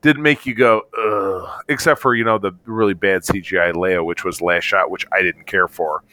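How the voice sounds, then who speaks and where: A man's voice: low-pitched, steady tone, fairly quick, bright, forceful tone, no echo. A middle-aged man co-hosting a podcast, chatting casually and enthusiastically, rambling with frequent restarts. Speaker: podcast co-host.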